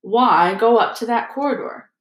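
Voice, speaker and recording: A woman voicing a cold, sneering male teacher who drawls slowly. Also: fairly high pitch, lightly acted. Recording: roomy echo.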